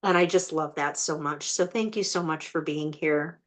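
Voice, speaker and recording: Earnest woman leading a healing call. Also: low-pitched. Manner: slow, earnest incantation, then chatty with many "like"s. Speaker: energy healer hosting a group session. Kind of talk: guided healing invocation and group chat. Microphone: video call.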